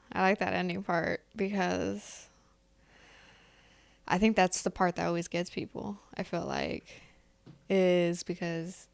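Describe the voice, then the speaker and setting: Woman co-host, low voice, smooth tone, halting casual chat. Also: dry recording. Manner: halting, searches for words. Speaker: podcast co-host. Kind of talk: casual faith podcast chat.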